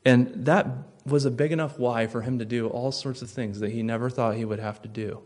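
A man preaching a sermon, telling stories and dropping to a near hush for tense moments before rising for emphasis. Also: mid-range voice, fairly even intonation, fairly quick, few pauses. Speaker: pastor.

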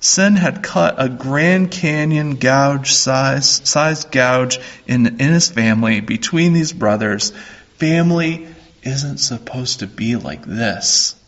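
A man preaching a sermon as a pastor, slow and earnest, repeating his phrases. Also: mid-range voice, a bit bright, highs cut off.

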